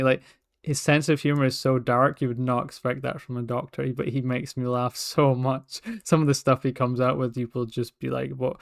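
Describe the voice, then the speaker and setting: A man's voice: medium pitch, no room sound, studio quality. A young man with a light Scottish accent, chatting casually on a livestream, rambling and restarting his sentences as he talks. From Scotland. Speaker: artist livestreaming.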